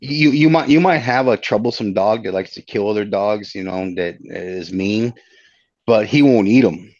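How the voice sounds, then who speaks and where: Man, low voice, casual chat, hesitant, dull lo-fi recording, dry. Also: normal speed, darkish tone, no echo. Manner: hesitant, searching for words.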